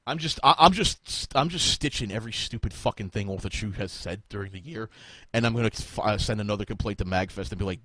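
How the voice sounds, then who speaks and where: A man's voice: lowish voice, fast, fairly bright tone, no room sound. A man hosting a podcast, talking in a profane, exasperated rant. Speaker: podcast host. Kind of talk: casual podcast chat.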